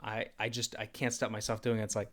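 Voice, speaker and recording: A man's voice: on the low side, monotone, quick pace, fairly bright tone. Rambling young man answering chat questions. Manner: rambling and self-deprecating, with frequent laughs and fillers. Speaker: channel host. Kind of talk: casual livestream Q&A chat.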